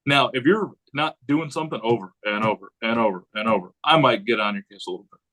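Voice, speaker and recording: A man who is a high school head football coach, talking casually on a podcast in a rambling way and acting out what he says to players. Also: quick pace, low-quality recording. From United States. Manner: rambling, animated, acts out quotes of himself.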